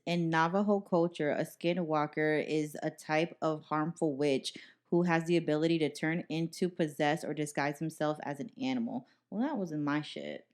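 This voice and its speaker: A young woman co-hosting a podcast, telling ghost stories in casual chat, animated and swearing freely as she acts out what people said. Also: deep voice. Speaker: podcast co-host.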